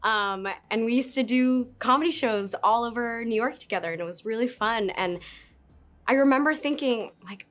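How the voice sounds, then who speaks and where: A woman in her thirties, an actress, talking casually and playfully in an interview, with giggles and quick asides. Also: on the high side, a bit bright. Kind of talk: casual interview talk to camera. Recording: faint music behind.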